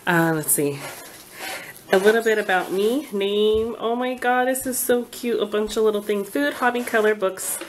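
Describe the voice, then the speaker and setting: A woman's voice: a little high, steady tone, normal speed, few pauses, slight background noise. Gushing, flustered woman vlogger. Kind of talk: casual unboxing chat. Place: home, at a kitchen table.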